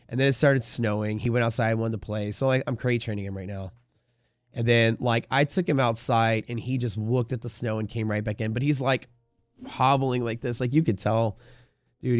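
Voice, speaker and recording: A man's voice: mid-range voice, clear, resonant tone, no room sound, clean studio sound. A man hosting a live day-trading stream, chatting casually in a rambling way, full of fillers and the odd swear word.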